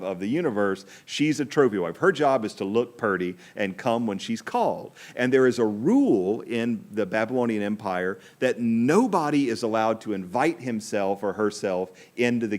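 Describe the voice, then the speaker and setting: Man, middle-aged priest, podcast Bible storytelling, wry and animated, medium pitch. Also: normal speed, hardly any pauses.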